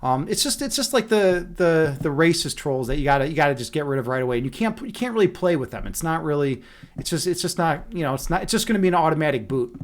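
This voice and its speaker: A young man with a fairly high voice hosts a livestream, talking off the cuff to his chat. He rambles and circles back, stacking filler words and restarting sentences as he goes. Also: expressive, fast talker. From Chicago, USA. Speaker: livestream host. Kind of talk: casual chat reading a live chat.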